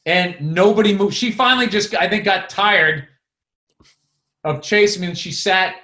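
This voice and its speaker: A man co-hosting a podcast, telling comedy club stories in a profane, animated way. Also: high-pitched, moderate pace, echoey room. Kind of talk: casual storytelling chat.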